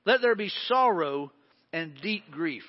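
A high-pitched man preaching from the pulpit of a church sanctuary. He is earnest, swelling to emphatic points and sinking to near-hushed lines. The sound is dull and carries a long hall reverb. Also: animated, slow. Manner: earnest, builds to emphatic peaks then drops to hushed tones. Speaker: pastor. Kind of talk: sermon.

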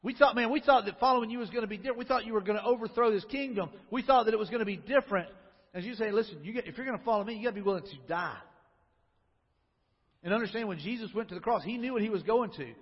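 High-voiced preacher in an echoing hall. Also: male voice, very fast, husky. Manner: conversational preaching with rhetorical questions. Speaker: pastor. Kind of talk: sermon. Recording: lo-fi recording with long hall reverb.

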